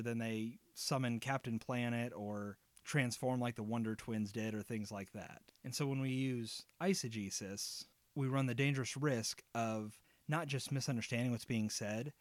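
Guy teaching bible stuff, earnest and explaining things, bit jokey, medium voice, dry sound no echo. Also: mid-range voice. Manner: earnest, explanatory, lightly humorous.

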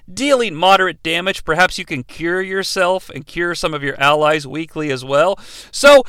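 A man with a high, bright voice recaps a movie in a lively, joking way. His tone is smooth and crisp, and the recording is dry and close with no room sound. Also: no room sound. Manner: animated, joking, breaks into impressions. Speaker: movie reviewer. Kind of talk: comedic movie recap commentary.

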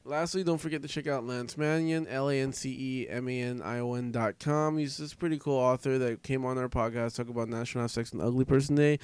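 A man co-hosting a podcast, reading off plugs in a relaxed, rambling way with plenty of fillers. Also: mid-range voice, a little fast, hardly any pauses, clean tone. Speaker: podcast co-host. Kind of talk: casual chat, show plugs.

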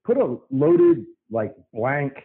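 A man's voice: medium pitch, big pitch swings, takes it slowly. A man calling in to a talk show, rambling in an earnest, folksy way. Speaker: caller. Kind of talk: casual call-in chat. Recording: phone-line call.

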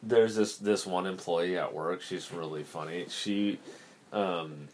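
A man's voice: sits low, takes it slowly, a little hiss or hum. A man co-hosting a casual podcast, laid-back and slangy. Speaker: podcast co-host. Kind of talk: casual chat.

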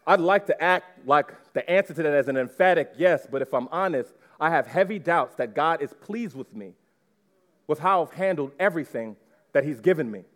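A man in his thirties, a pastor preaching a sermon and speaking straight to his congregation in an animated way. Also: on the high side. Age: 30s. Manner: animated, addresses the congregation directly. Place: church before a live congregation.

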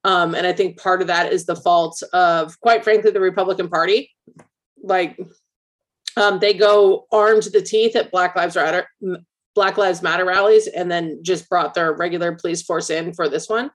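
A woman's voice: on the low side, fairly even intonation, moderate pace. Blunt, outspoken woman co-host. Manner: blunt, opinionated, swears freely. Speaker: podcast co-host. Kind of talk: casual chat.

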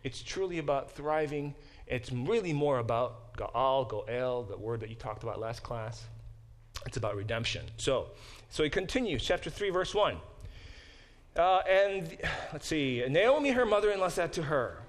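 A man's voice: medium pitch, normal speed. A man teaching a church Bible class in a conversational lecture style, often asking the class questions. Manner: conversational, asks the class questions, many restarts.

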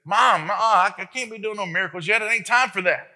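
A man's voice: sits high, fast talker, pushed and bright, pitched above the performer's own voice, heavily acted. A man voicing a young Jesus who talks back to his mother in slangy, playfully reluctant words.

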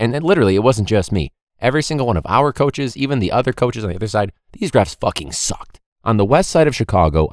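Very deep-voiced man ranting, lively pitch. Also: no echo, studio quality. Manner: ranting, heavy swearing, frequent laughs. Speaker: teacher and football coach, podcast host. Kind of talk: casual podcast monologue.

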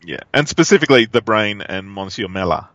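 An Australian man co-hosting a podcast, talking in a relaxed, halting way and often repeating words. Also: fairly low pitch, dry recording. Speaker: podcast co-host. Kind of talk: casual chat.

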